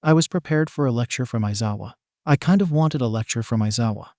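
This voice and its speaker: A man reading a fan fiction story aloud in the first person, in a flat, even voice that barely changes for the other characters. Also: mid-range voice, fast talker, no room sound, studio quality. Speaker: narrator.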